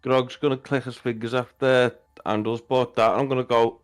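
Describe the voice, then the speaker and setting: A man's voice: mid-range voice, flat delivery, moderate pace, clear, resonant tone. A man playing a tabletop game, joking as he talks for his big brawny character. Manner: jokey, in-character bragging. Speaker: player.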